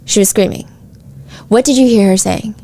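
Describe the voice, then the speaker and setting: A woman narrates true-crime courtroom testimony in a casual podcast manner. She reads the questions and answers aloud and breaks in with chatty asides. Her voice sits at an ordinary middle pitch for a woman. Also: moderate pace, vocal fry, warm tone. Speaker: podcast host.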